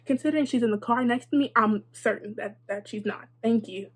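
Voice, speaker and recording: A woman's voice: on the high side, brisk, breathy edge. A young adult woman telling a casual storytime, chatty and sarcastic, with lots of "like" and wry asides. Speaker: vlogger.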